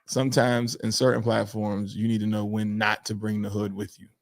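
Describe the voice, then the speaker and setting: A man from Pittsburgh co-hosting a podcast, animated and opinionated, slipping into mimicked voices. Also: fairly low pitch, moderate pace, soft background music. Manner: animated, acts out quoted voices while ranting. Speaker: podcast co-host. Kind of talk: casual opinion chat.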